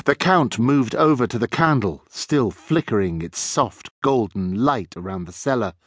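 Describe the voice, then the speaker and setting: A man narrating a children's audiobook with expressive storytelling. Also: medium pitch, measured pace, breathy edge, dry recording, studio quality.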